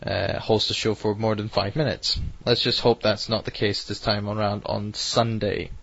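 A man's voice: lowish voice, level tone, moderate pace, gravelly, a bit bright, lo-fi sound. A man hosting an online radio show, rambling and self-deprecating, hesitant as he signs off. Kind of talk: casual online radio chat.

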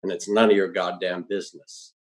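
A man's voice: deep voice, flat delivery, brisk, lightly acted. A man doing a bellowing drunk laborer. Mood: aggressive. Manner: bellowing, rough. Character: big drunk, mean, violent male laborer.

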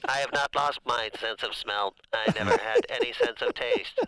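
A man putting on a deadpan AI computer voice. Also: medium pitch, moderate pace, clean tone, no echo, low-quality recording. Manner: deadpan, matter-of-fact. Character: dry deadpan male AI computer voice.

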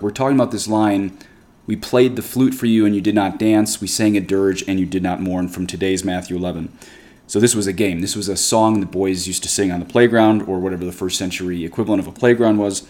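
A man's voice: lowish voice, steady tone, fairly quick, darkish tone. A man who is a Catholic priest, giving a conversational scripture commentary, reading quotations aloud and then explaining them in an earnest way.

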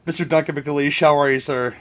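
A man's voice: on the high side, fairly even intonation, brisk, a bit bright. A man hosting a podcast, joking and rambling in casual chat with his guests. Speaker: podcast host.

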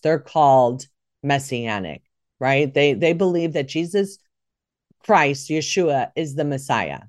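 This low-voiced woman is a middle-aged nurse and podcast host, recounting her own faith journey in an emotional, wandering way full of self-corrections. The sound is studio quality, without echo.

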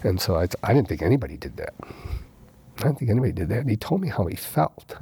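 A man guest in a casual interview, telling his recovery story with lively retellings, acting out quoted dialogue and repeating lines for emphasis. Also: fairly low pitch, quick pace, creaky, husky, no room sound.

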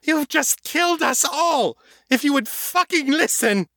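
A terrified, enraged female vampire, as a male narrator puts her on for an audiobook, shrieking at everyone around her. The voice is pushed far up into a high, strained shout. It sits dry and close to the mic. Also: expressive, unhurried, gravelly, no echo, heavily acted. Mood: frantic, furious. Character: panicking furious female vampire, shrieking curses.

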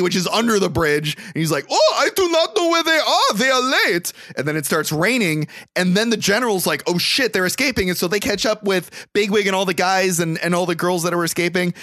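A man's voice: high voice, fairly bright tone, dry recording, clean studio sound. Profane man animatedly recapping a film. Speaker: podcast host. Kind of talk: casual movie recap.

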